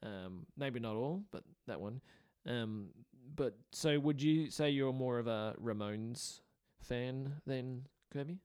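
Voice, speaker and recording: A man's voice: mid-range voice, slow, few pauses, a little mellow, smooth, no echo. A man, co-hosting a casual chat and rambling through stories with many fillers. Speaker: podcast co-host.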